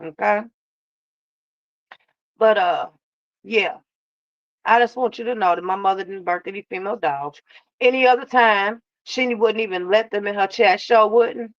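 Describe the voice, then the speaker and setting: A woman's voice: mid-range voice, normal speed, pauses often, no echo, dull audio. A woman hosting a casual live reaction stream, drawling and sassy, calling her chat baby and love. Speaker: reaction channel host.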